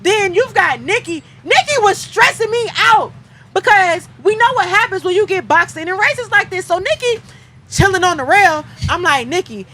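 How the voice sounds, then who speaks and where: High-voiced playful woman recapping a race. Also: expressive, moderate pace, sharp tone, a little hiss or hum. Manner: playful, dramatic, acts out quotes. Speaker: track and field commentator. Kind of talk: animated casual race recap. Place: outdoors at a stadium.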